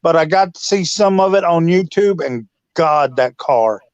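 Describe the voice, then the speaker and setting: A man chatting casually with a friend in a slow, folksy, affectionate way. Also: on the high side, animated, smooth, no room sound, highs cut off. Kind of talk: casual chat.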